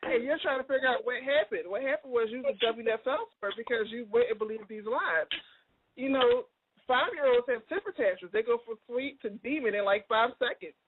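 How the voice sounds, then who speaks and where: A woman with a deep voice co-hosting a casual talk show, emphatic and quick to laugh, often repeating herself. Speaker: co-host. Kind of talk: casual chat. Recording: dry, phone-like line.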